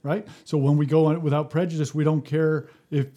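A man's voice: a little high, flat delivery, fairly quick, warm tone. A man, a former fire service leader, talking casually and telling stories from the job, often restarting his sentences and acting out the people he quotes. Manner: storytelling, acts out quotes, frequent restarts. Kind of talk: casual podcast conversation.

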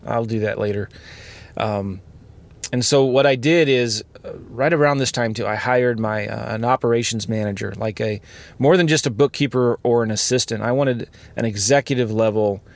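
A man of middle pitch hosting a podcast from inside his car. He talks in an earnest, confessional way, rambling through his thoughts with plenty of ums and restarts. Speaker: podcast host. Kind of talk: candid podcast monologue.

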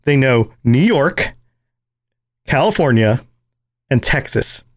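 A man from the United States hosts a podcast in casual interview chat. He is talkative and laughs easily. His pitch sits in the middle but moves a lot. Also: animated, takes it slowly. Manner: chatty, laughs a lot, plays with voices. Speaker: podcast host.

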